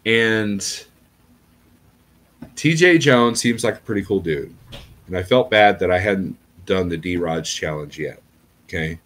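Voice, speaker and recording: A man's voice: sits low, lively intonation, slow, pauses often, fairly bright tone. A middle-aged man, a trucker, talking in a rambling casual vlog and often checking in with "okay?". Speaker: trucker YouTuber.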